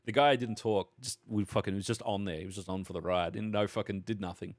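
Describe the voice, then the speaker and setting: A lowish-voiced Australian man on a casual podcast, spinning a long, animated anecdote full of restarts and swearing. His voice sits dry and close, with no room sound around it. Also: quick pace, no room sound. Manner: rambling anecdote, heavy swearing, animated retelling. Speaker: podcast co-host. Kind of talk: casual chat, storytelling.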